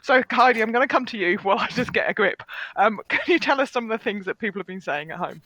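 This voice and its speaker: Animated encouraging woman hosting. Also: fairly high pitch, fast, dry recording, poor audio. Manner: animated, warmly encouraging, emotional. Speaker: host and tutor. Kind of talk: live online student panel.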